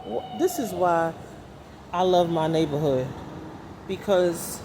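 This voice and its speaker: A sarcastic, talkative woman vlogs as she walks through the city, speaking in loose street slang. It was recorded on a phone held out in front of her, with loud street noise and passing cars behind her voice. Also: lowish voice, takes it slowly. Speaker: vlogger. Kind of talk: casual walking vlog.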